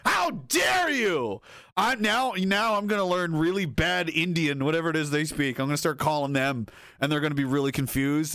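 A man's voice: fairly high pitch, lively intonation, normal speed, sharp tone, no echo, clean studio sound. A man hosting a live stream, reading out chat and rambling in a casual, profane way while laughing often.

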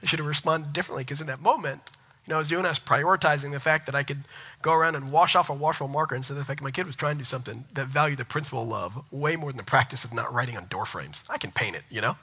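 A man's voice: medium pitch, rapid-fire, bright, forceful tone, breathy edge, poor audio. A man in his thirties preaching a sermon, telling stories with self-mocking humor. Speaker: pastor.

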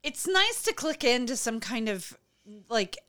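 A woman's voice: a little high, big pitch swings, a little slow, pushed and bright. A woman co-hosting a casual chat, musing and playful. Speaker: podcast co-host.

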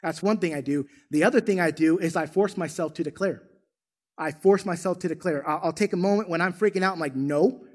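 A man preaching a sermon as a church pastor, with an animated, emphatic storytelling manner. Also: high voice, a little fast. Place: church sanctuary.

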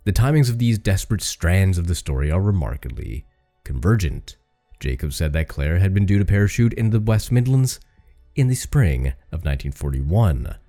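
Deep, mellow-voiced male podcast host. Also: big pitch swings, normal speed, faint music behind. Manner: casual, swears offhandedly, stumbles on names. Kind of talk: casual podcast narration.

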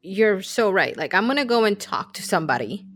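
A woman's voice: medium pitch, very animated, fairly quick, a bit bright, a little hiss or hum. A woman co-hosting a podcast in casual chat, reflective and candid, telling personal stories. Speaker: podcast co-host.

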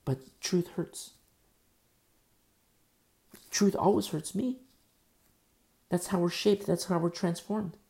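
Gravelly, blunt preaching man. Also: high-pitched, fairly even intonation, slow pace, long pauses, mellow. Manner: blunt, emphatic preaching with asides and mock quotes. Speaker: pastor. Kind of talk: sermon.

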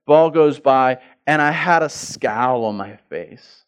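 Middle-aged man, pastor, sermon delivery; animated storyteller, stumbles and repeats words, big swings between loud and soft. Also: medium pitch, slow, clean tone.

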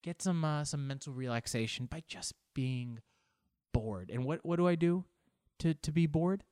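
A man's voice: on the high side, normal speed, darkish tone, clear, resonant tone, no room sound, clean studio sound. A man talking casually on his own, rambling and poking fun at himself, acting out little imagined conversations. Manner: rambling, self-mocking, acts out little quoted exchanges. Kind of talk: casual monologue.

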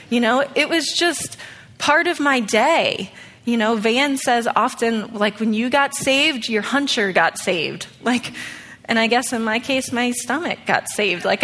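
A woman in her thirties preaches in a relaxed, talky way, often checking in with "okay?" as she tells a story. Her voice sits fairly high, and a long reverb from a large church hall trails after her words. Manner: conversational, often asks "okay?". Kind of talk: sermon with a personal story.

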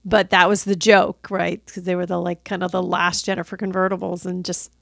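A woman's voice: fairly low pitch, level tone, fairly quick, gravelly, no echo. Woman, podcast co-host, casual movie chat, giggles a lot, dry close sound. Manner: giggly, laughs often.

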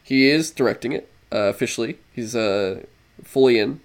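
A man's voice: mid-range voice, moderate pace. A young man co-hosting a casual podcast, rambling, swearing and laughing as he goes. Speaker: podcast co-host. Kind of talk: casual chat.

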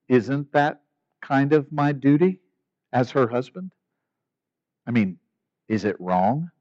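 Male pastor, mid-pitched, chatty preaching that swells to loud emphasis, dry lo-fi capture. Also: dry recording. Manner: animated, rising to near-shouting emphasis; conversational preaching with rhetorical questions. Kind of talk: sermon.

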